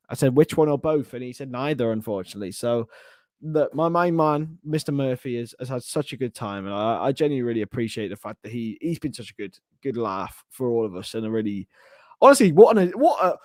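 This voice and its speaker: A chatty young man hosts a casual live stream and fires off answers to viewer comments in quick, jokey bursts. His voice sits in a middle range, and the sound is dry and close. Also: medium pitch, darkish tone, no room sound. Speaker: host of a fan channel.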